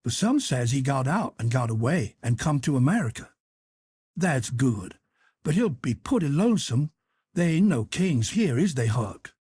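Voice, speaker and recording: A man's voice: mid-range voice, big pitch swings, moderate pace, a little mellow, husky, dry recording, clean studio sound. A man reading an audiobook, voicing a stubborn, folksy grown man who argues insistently in heavy dialect.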